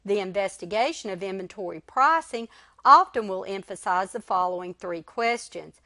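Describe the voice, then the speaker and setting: Woman lecturer, measured slide-reading delivery, dry close sound, mid pitch. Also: lively intonation, pushed and bright, dry recording.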